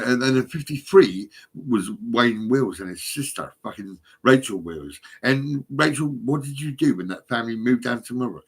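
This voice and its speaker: Middle-aged man, husky voice, rambling and profane, agitated phone vlogger, swings from mumbles to outbursts. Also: mid-range voice. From England. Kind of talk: rambling monologue to camera.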